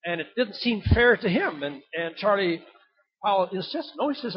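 A man's voice: high-pitched, sing-song, moderate pace, breathy edge, highs cut off. An older man preaching a sermon, telling a folksy story and acting out the voices in it. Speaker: pastor.

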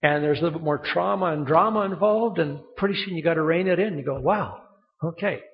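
A man preaching a sermon, telling stories with lively acted-out quotes. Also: fairly high pitch, fast talker. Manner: animated storytelling, acting out quoted voices. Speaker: pastor. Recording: muffled sound in a reverberant hall.

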